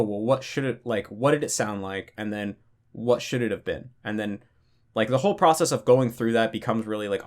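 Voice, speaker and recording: Young man, host, casual Q&A, rambling explainer, frequent fillers and restarts, mid-pitched voice. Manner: loose, filler-heavy, lots of "like" and restarts. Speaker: language-learning channel host. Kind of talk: casual Q&A monologue.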